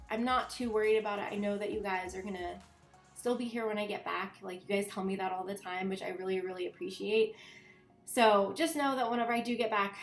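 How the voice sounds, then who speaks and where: A woman's voice: mid-range voice, a bit bright, roomy sound. A young woman vlogger chatting casually in a voiceover, congested and a bit nasal, rambling with lots of fillers.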